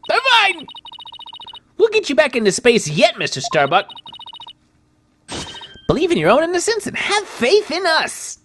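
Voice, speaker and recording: A woman's voice: on the high side, wildly swooping pitch, fairly quick, few pauses, background noise. A woman voicing an upbeat young female defense lawyer who questions and cheers, with game music behind. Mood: cheering. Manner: bright cheerleading, inquisitive. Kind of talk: reading game dialogue aloud.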